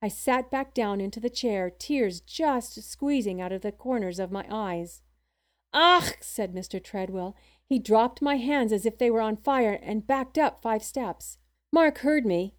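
A woman narrating a first-person story as an audiobook, with a steady, measured reading manner. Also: fairly high pitch.

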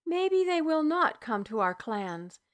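A timid clan member hopes to stay out of trouble, as a woman reads the part. The voice is hesitant, soft and pitched higher. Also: big pitch swings, slow, exaggerated voice. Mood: hopeful. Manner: hesitant, hopeful.

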